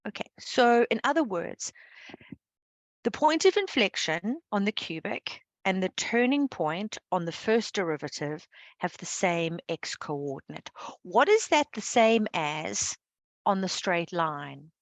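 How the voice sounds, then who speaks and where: A woman's voice: medium pitch, big pitch swings, unhurried, no echo. A woman teaching a live online maths lesson, explaining patiently and checking understanding with a frequent "okay". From South Africa.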